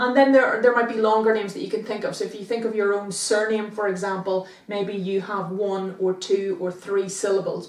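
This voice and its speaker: A woman teacher talks her class patiently through a lesson, building each point with simple everyday examples. Her voice sits at a middle pitch. The recording carries a roomy echo, and she sounds set back from the mic. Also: a little mellow. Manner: patient, explains step by step with examples. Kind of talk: recorded online English lesson. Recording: echoey room, voice from far off the mic.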